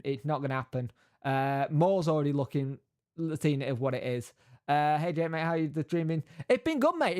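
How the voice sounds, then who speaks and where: A man's voice: fairly high pitch, clear, resonant tone. A man hosting a casual live stream, greeting viewers by name and reading out news between chat.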